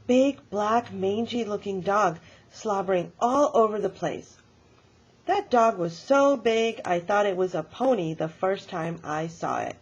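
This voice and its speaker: Woman voicing a husky, lively old grandmother. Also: medium pitch, unhurried, lo-fi sound. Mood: storytelling. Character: elderly grandmother telling a stubborn-childhood tale.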